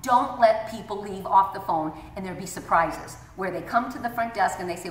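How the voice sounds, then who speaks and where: A middle-aged woman coaching gym owners on answering the phone, perky and animated, acting out sample greetings. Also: mid-range voice, normal speed, few pauses, a little hiss or hum. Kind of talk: instructional talk to camera. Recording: echoey room, mic at a distance.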